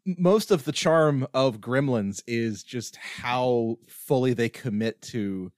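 A man chats eagerly on a film podcast, quick to agree and build on his co-host's points. His voice has a middle pitch for a man. The recording is dry and close. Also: a little mellow, dry recording. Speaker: podcast co-host. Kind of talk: casual film podcast chat.

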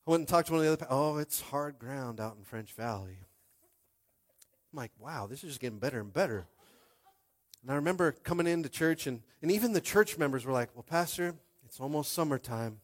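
A young pastor preaches a sermon in a conversational, animated way, calling out to his congregation at a fast pace in a medium-pitched voice.

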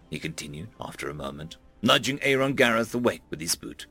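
A man narrating an audiobook with a dramatic, expressive reading. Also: fairly low pitch, a little fast, vocal fry, husky, faint music behind.

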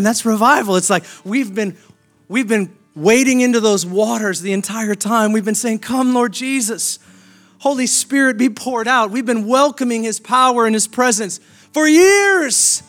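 A pastor preaching a sermon with emphatic, repeated declarations. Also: male voice, high-pitched.

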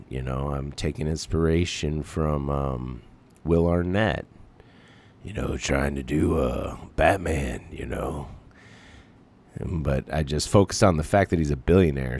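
Very deep-voiced, gravelly podcast host. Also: male voice, darkish tone. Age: adult parent. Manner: rambling, casual, swears lightly. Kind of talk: casual chat.

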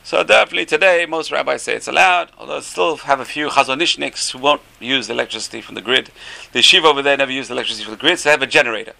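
A middle-aged or older man, a rabbi teaching a class, tells stories in an animated way with many rhetorical questions. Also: medium pitch, very fast, gravelly. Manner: animated, rhetorical questions, stretches key phrases. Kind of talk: Torah class storytelling.

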